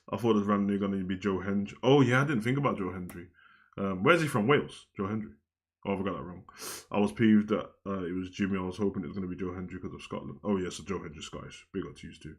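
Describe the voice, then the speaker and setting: Animated slangy man reviewing wrestling. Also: on the low side, fast. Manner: animated, slangy, swings between loud outbursts and mumbled asides. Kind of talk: casual live-stream wrestling review.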